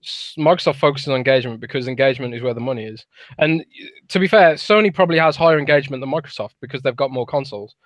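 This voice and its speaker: A man's voice: mid-range voice, rapid-fire, dry recording. British man in his thirties, podcast chat. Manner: chatty, thinks aloud in restarts. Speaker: podcast co-host.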